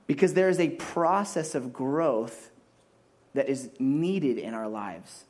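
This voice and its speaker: A man preaching a sermon as a pastor, animated and acting out voices as he makes his points. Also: mid-range voice, slow pace.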